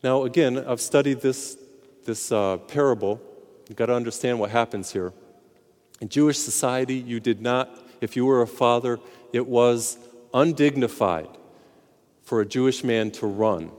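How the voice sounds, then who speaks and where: A man, a priest, preaching a sermon, slowing down for emphasis and telling a joke along the way. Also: mid-range voice. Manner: animated preaching, slows for emphasis. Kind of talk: sermon with told jokes. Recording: long hall reverb.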